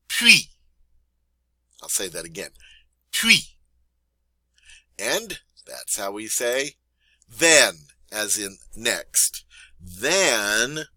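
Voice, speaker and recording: A man teaching French vocabulary in a playful, chatty way, repeating each word slowly and teasing his students. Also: fairly low pitch, pushed and bright, dry recording. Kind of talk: vocabulary lesson.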